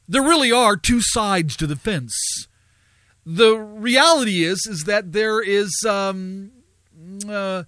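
A man's voice: high voice, fairly bright tone, no room sound. A man hosting a live radio talk show, telling a story and preaching in an earnest cadence with frequent fillers.

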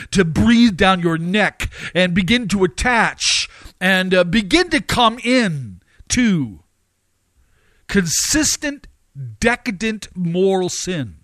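A man's voice: high voice, a bit bright, no echo. A man preaching a sermon, emphatic, with repeated phrases and sudden rising outbursts.

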